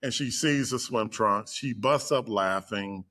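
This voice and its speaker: A man telling a personal story in a casual chat, acting out the people he quotes with lively shifts in voice. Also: lowish voice, measured pace. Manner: animated, acts out quoted voices. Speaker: guest storyteller.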